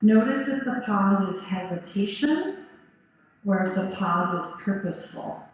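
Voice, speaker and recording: Unhurried yoga teacher in a roomy studio. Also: female voice, medium pitch. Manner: calm, encouraging cues with frequent "good". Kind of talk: guided yoga class instruction. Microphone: 360 camera in the room. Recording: roomy, slightly dull recording with faint music.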